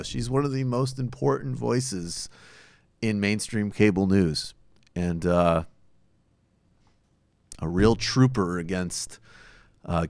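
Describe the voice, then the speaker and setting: A man with a fairly low voice delivers political commentary as a podcast host. His tone is sardonic, and he breaks off and restarts his sentences often. The sound is dry and close. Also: dry recording. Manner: sarcastic, with frequent fillers and restarts.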